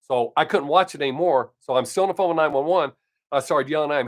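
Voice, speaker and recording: An older man chats casually on his live stream from home, telling blunt stories full of swearing. His voice is a little high and his pace is quick.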